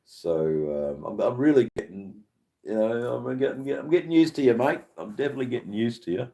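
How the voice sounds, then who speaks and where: A man's voice: mid-range voice, lively intonation, brisk, creaky, warm tone. A man with an Australian accent, hosting a live stream and chatting casually with viewers in a rambling, sweary, laid-back way. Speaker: livestream host.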